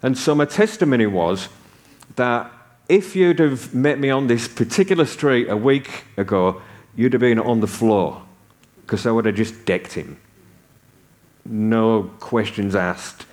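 A man's voice: mid-range voice, animated, unhurried, darkish tone. A man in his sixties from the north of England, preaching a sermon and telling stories with humor. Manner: conversational storytelling with humor.

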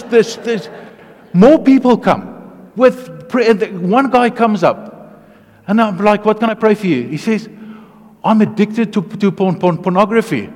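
Guy preaching his testimony, kinda high voice, goes quiet then gets all fired up, big echoey hall. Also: measured pace. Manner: animated storytelling, swinging from hushed to loud and excited. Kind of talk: testimony sermon. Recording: long hall reverb.

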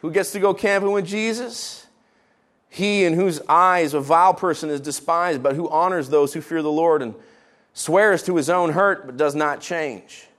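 A man raised in Israel delivers a sermon in a fairly high voice. He preaches in an animated, joking way, jumping from loud emphasis to hushed, quiet asides. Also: normal speed. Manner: animated, jokey preaching with sudden quiet drops. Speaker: pastor.

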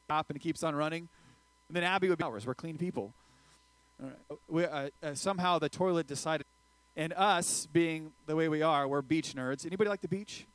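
A man preaching a casual sermon to a youth group, energetic and joking, talking straight to the crowd. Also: high-pitched, dry recording, rough recording. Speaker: youth pastor.

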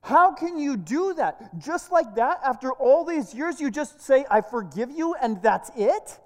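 Brief: an angry, incredulous male reporter, put on by a woman preacher, loud in a reverberant hall. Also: sits high, expressive, unhurried, pitched above the performer's own voice. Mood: indignant. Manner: raised, incredulous demanding. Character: indignant male reporter, furious and riled up.

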